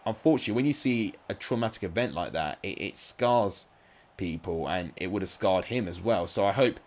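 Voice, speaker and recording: A man's voice: deep voice, moderate pace. A man giving casual live-stream commentary on simulated football matches, chatty and rambling, with asides to his viewers.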